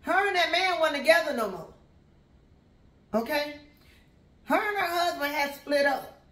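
A woman spins a personal story in a relaxed, chatty way, talking right to her listeners. Her voice sits a bit high, and the recording carries a noticeable room echo. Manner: animated, conversational, addresses listeners as y'all. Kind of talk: casual storytelling to an audience.

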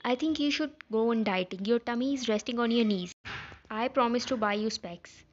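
A woman reading a fan fiction story aloud in a plain, even way, speaking all of the parts herself. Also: a little high, normal speed, slight background noise. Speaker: story narrator. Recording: slightly dull lo-fi sound.

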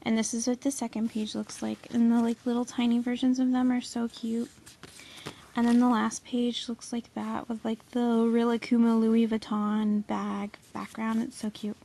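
A young woman filming a casual haul video, gushing excitedly with lots of "like" and "oh my god". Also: on the high side, moderate pace, gravelly. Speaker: vlogger showing a haul.

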